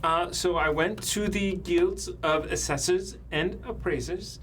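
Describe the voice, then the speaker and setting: A man narrating a tabletop game as dungeon master, pausing often with fillers. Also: high voice, fairly bright tone, a little hiss or hum. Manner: halting, many fillers.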